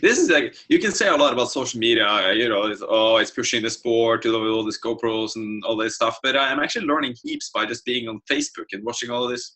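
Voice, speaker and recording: A man talking as a guest in a casual chat, his voice bright and forward. He tells stories with energy and acts out what people said. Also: medium pitch, quick pace, hardly any pauses, poor audio. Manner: lively storyteller, acts out quotes. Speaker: guest, wingsuit flyer.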